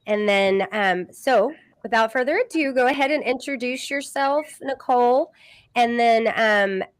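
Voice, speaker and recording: A woman's voice: fairly high pitch, measured pace, clear, resonant tone, no room sound, clean studio sound. A woman with a Southern accent hosting a live business podcast, chatty with many fillers. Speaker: host.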